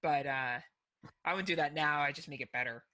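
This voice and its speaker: A woman's voice: low voice, fairly quick, pushed and bright. A young adult woman co-hosting a podcast, talking bluntly and laughing often in casual chat. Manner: blunt, profane and frequently laughing. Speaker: podcast co-host.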